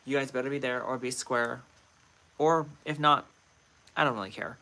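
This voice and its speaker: A man casually hosting a livestream, talking straight to his viewers in a playful, rambling way. His voice is bright and forward. He sits in a middle range of pitch. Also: steady tone, moderate pace. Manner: chatty, playful, talks to chat directly. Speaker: livestream host.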